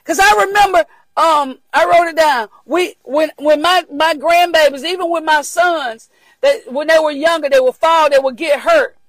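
An older woman preaching a motivational message, emphatic and repetitive, often rising into shouts. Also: sits high, normal speed, no echo, poor audio.

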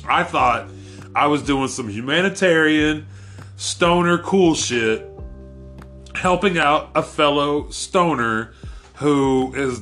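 Brief: a male host, casual storyteller, swears freely, slightly high pitch, faint music bed. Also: a bit bright. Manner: rambling, profane, laughing storyteller.

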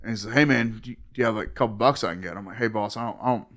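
Young man, bright and forceful tone, profane podcast guest spinning bar-door stories, quick to laugh and act out voices. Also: on the low side. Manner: profane, laughs often, acts out other voices. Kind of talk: casual storytelling chat.

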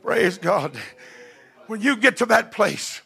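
Middle-aged male preacher, high-pitched and gravelly, fervent. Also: expressive, slow pace. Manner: fervent, building to shouted passages. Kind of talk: sermon.

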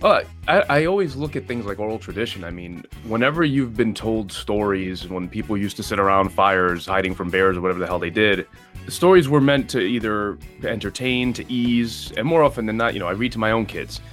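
A man's voice: on the low side, brisk, a bit bright, faint music behind. A man who writes novels, talking loosely as an interview guest and laughing often at himself. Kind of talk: casual interview chat.

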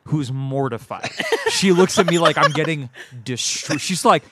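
A young man, telling a story in casual podcast chat, animated, laughing often and swearing casually. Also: a little high, moderate pace, background noise.

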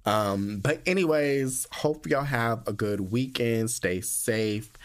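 A young man hosting his own podcast in casual solo chat, sassy and dramatic, talking loosely and jumping into high squeals when he gets emotional. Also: takes it slowly. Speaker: podcast host.

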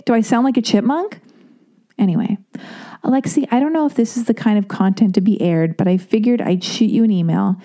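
A woman's voice: medium pitch, mellow. A woman hosting a podcast alone, reading listener emails aloud and answering them in a chatty, candid, self-deprecating way, with casual swearing. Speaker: podcast host.

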